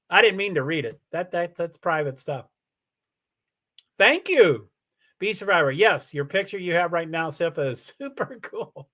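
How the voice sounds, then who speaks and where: Animated high-voiced man rambling on a livestream. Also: moderate pace. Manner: rambling, animated, many restarts. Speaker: livestream host. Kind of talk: casual livestream chat, reading viewer comments.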